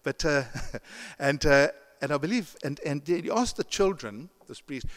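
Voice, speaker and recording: A man's voice: fairly high pitch, animated, measured pace, a bit bright. A male pastor giving a sermon in a conversational way, with chuckling asides and frequent restarts, and an English accent that is not American. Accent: non-American English. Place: church sanctuary. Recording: long church reverb.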